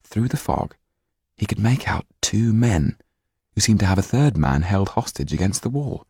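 A man's voice: fairly low pitch, big pitch swings, moderate pace, a little mellow, breathy edge, dry recording, clean studio sound. A man narrating a storybook audiobook expressively, shifting into voices for the characters.

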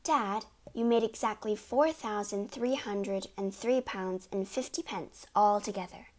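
Woman doing a quiet, clever little girl. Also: mid-range voice, unhurried, natural voice. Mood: gentle. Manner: quiet, gentle, patient.

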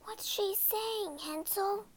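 A woman voicing a frightened young girl in a read-aloud storybook, anxious and high. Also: slow pace. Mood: scared.

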